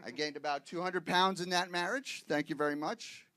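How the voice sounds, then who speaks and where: A man's voice: a little high, steady tone, moderate pace, bright, forceful tone. A man from Boston doing a stand-up comedy set, punchy and wisecracking, checking in with the crowd. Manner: wisecracking, punchy delivery with frequent "okay, guys?" asides. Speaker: stand-up comic guest. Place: live comedy show with audience.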